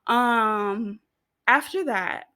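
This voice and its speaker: A young American woman hosts a video recapping a TV show, her voice on the high side, bright and forceful, and extremely slow. She's giggly and chatty, laughing often and packing her talk with fillers and asides.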